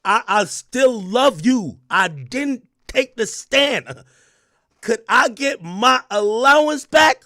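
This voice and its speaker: A man puts on a woman begging her ex to take her back. Her voice sits high and she drags each word out in a slow, wheedling plea. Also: animated, bright, forceful tone, no echo, clean studio sound, exaggerated voice. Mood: pleading. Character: pleading ex-girlfriend begging to return.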